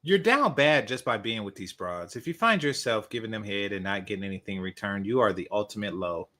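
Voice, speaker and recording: A man's voice: fairly low pitch, expressive, a little fast, pushed and bright. A man hosting a reaction video, commenting with open scorn over a clip. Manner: scornful, mocking.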